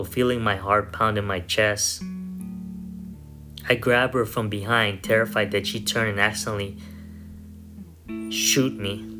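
A man narrating a first-person story in a measured, somber way. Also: fairly low pitch. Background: soft guitar music.

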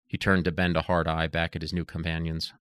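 A man narrating an audiobook in a steady, even reading voice. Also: low-pitched, a little fast, clean tone, no echo.

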